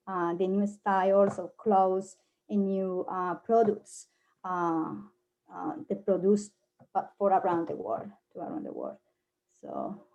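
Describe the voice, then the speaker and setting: A woman with a Colombian Spanish accent talks through a casual presentation, stopping often to hunt for the right word. Her voice is mellow and dark-toned, set at a middle pitch. She sounds like someone speaking her second language. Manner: halting, many fillers, searching for words. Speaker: guest presenter.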